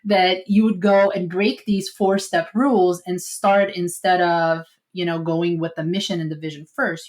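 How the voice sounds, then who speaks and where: A woman hosting a podcast interview, summarizing points and asking probing follow-up questions. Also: low voice. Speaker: podcast host.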